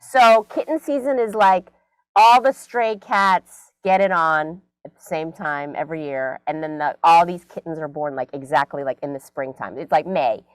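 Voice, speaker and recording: A middle-aged woman comedian telling a story in a casual interview from her home closet, animated and full of fillers. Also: deep voice, normal speed, no room sound, rough recording. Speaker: comedian guest.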